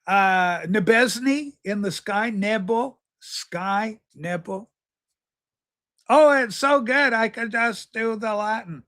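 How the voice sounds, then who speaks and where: Livestream host, male, high and bright voice, rambling jokey chatter with viewers. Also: slow pace, hardly any pauses. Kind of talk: casual livestream chat reading viewer comments.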